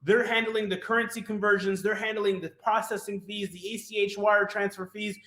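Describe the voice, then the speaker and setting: A man presenting a sales webinar, fast and hyped, often asking "right?" and talking to "you guys". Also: sits high, flat delivery, pushed and bright, echoey room.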